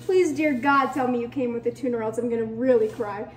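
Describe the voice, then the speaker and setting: A young woman from the United States chatting casually in a vlog, excitable and self-mocking, laughing often. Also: fairly high pitch, brisk, faint music behind. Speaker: vlogger.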